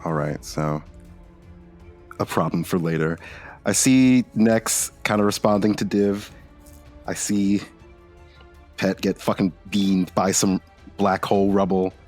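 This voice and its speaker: Deep-voiced laid-back man playing a tabletop game. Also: slow, long pauses, darkish tone, faint music behind. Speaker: player.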